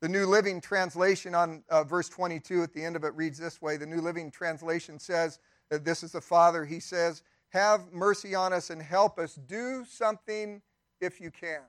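An older man preaching a sermon in a church, talking to the congregation like a conversation and slipping into quick acted-out quotes. His voice sits high for a man, and the sound is dry and close, with no room echo. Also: level tone, fairly bright tone. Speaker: pastor.

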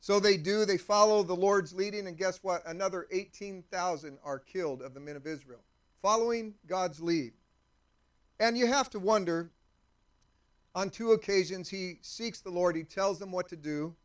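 A male pastor giving a sermon with a fairly high voice. He talks conversationally and keeps turning to the congregation with questions. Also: moderate pace.

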